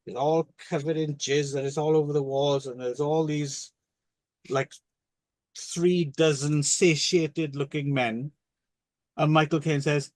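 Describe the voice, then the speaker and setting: A man's voice: on the high side, fairly even intonation, a little slow, no echo. A man co-hosting a casual film podcast, rambling and joking through crude anecdotes. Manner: rambling, jokey, tells crude anecdotes with restarts. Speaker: podcast co-host.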